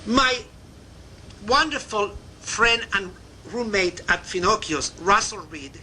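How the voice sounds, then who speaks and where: An older man with a Cuban accent telling backstage memoir stories in a warm, chatty way. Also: high voice, a little hiss or hum, low-quality recording. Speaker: narrator. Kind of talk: memoir storytelling.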